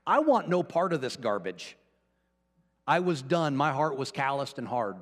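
A male pastor preaching a sermon, telling a personal story and swinging from hushed to fervent. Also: medium pitch, sing-song, moderate pace, long reverb tail. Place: church.

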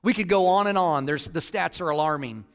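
High-voiced preacher in a hall. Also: male voice, brisk, a bit bright. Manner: preaching, jokes then earnest statistics. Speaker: pastor. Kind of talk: sermon.

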